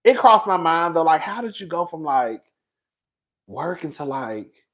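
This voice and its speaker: A man's voice: a little high, big pitch swings, unhurried, fairly bright tone. Sassy, emotional man in his forties. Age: 40s. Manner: sassy, emotional, gossipy chatter. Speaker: commentary channel host. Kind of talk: casual livestream chat.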